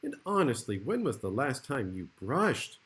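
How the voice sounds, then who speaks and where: A man's voice: medium pitch, very animated, moderate pace, fairly bright tone. A man voicing a cheerful female dentist in a storybook, sweet but scolding.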